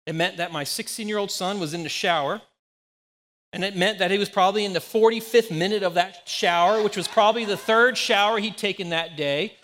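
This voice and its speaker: A man's voice: high voice, a little fast, long reverb tail. A man in his forties, a pastor giving a conversational sermon full of personal anecdotes. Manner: conversational, anecdotal, animated storytelling.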